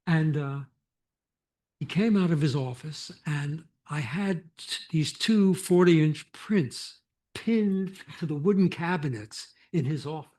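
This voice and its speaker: An older man, a photographer, telling anecdotes on a lecture stage in a reflective, animated way with restarts. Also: fairly high pitch, measured pace. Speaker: photographer guest. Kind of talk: conversational storytelling.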